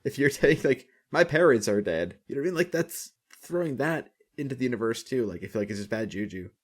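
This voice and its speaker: A young man co-hosting a podcast, chatting casually, swearing often and acting out lines in animated voices. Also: mid-range voice, fast talker. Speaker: podcast co-host. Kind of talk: casual chat.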